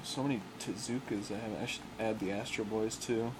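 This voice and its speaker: A man's voice: lowish voice, fairly even intonation, brisk, background noise. A man hosting a casual livestream, talking playfully and rambling with a chuckle, into a desk mic. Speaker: livestream host.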